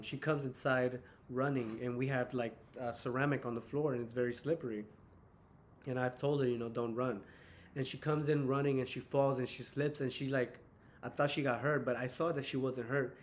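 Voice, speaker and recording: A man's voice: mid-range voice, slight background noise. A young man hosting a casual podcast chat, telling personal stories in a rambling way with many fillers. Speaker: podcast host.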